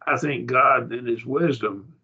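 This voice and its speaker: A man's voice: medium pitch, unhurried, lo-fi sound, noisy background. A man teaching a Greek grammar class, explaining patiently and often checking that students follow. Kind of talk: classroom lesson.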